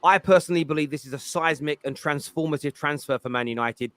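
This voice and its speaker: A man's voice: a little high, fairly bright tone, no room sound. A man hosting a casual football panel chat, jokey and playful. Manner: jokey, playful, quick patter. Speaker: host.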